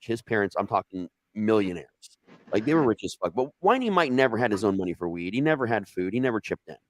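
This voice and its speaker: Speaking with an Ohio accent, this man from Ohio recounts a wild story of his own in lively, casual talk. He swears liberally and his pitch leaps whenever he quotes himself. The recording is rough, with no room sound.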